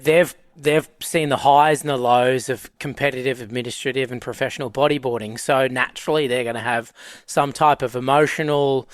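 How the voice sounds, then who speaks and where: A man's voice: mid-range voice, fairly bright tone, dry recording. A man hosting a casual podcast interview, chatty and thinking aloud as he asks his questions. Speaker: podcast host.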